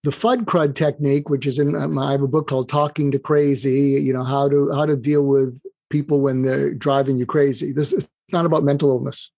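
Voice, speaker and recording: A man's voice: mid-range voice, brisk, creaky, hardly any pauses, no room sound. An older man guest on an interview, explaining advice animatedly and acting out bits of dialogue. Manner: animated, acts out quoted dialogue. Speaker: guest author.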